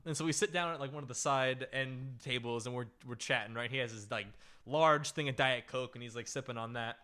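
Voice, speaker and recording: A man hosting a comedy podcast, telling a story in a loose, animated way with lots of "like" and "right?". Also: medium pitch, fairly quick. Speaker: podcast host.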